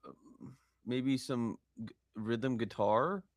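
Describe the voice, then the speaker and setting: A man's voice: mid-range voice, slow, dry recording, studio quality. A man chatting casually over an online voice call as a composer asking for feedback, probing with questions and often restarting them. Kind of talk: casual chat.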